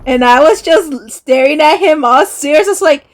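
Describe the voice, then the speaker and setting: A woman's voice: sits high, moderate pace, few pauses, background noise. A woman hosting a mobile gaming video, chatting casually and telling a story with lots of "like" and "um". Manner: rambling, filler-heavy "like" and "um". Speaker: mobile gaming channel host.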